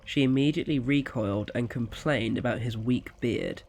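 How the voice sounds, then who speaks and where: A man narrating an audio story in a quiet, even storytelling manner. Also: medium pitch, normal speed, slight background noise.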